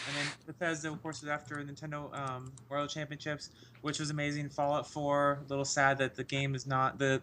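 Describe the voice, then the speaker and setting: A man in a casual podcast chat, excitable and rambling, laughing often as he talks about games. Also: fairly high pitch, very noisy. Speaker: podcast co-host.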